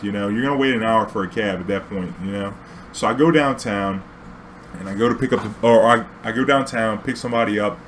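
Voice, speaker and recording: Profane, rambling storyteller man, low voice. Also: slight background noise. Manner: rambling, profane, laughs often. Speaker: taxi driver telling a story. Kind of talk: casual storytelling vlog.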